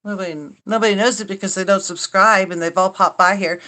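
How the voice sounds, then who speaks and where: A woman's voice: mid-range voice, fairly even intonation, brisk, few pauses, bright, forceful tone. An older woman hosting a casual livestream chat, rambling and wry, mocking herself and swearing now and then. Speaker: livestream host.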